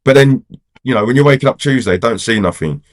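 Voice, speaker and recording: A man's voice: mid-range voice, expressive, brisk. Exasperated man ranting about football. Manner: rambling, exasperated, heavy on "you know" and "do you get what I'm saying". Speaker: football fan vlogger. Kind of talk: casual fan rant to camera.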